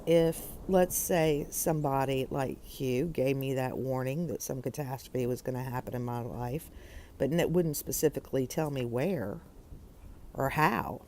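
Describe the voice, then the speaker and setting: A woman's voice: extremely low pitch, dark tone, a little hiss or hum. A woman delivering an exasperated, sarcastic opinion monologue for her podcast.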